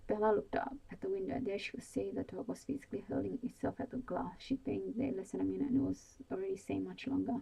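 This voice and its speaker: A woman reading a bedtime story aloud in whispered role-play. She reads slowly and soothingly, with a few small slips. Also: medium pitch, creaky, dark tone, husky, low-quality recording.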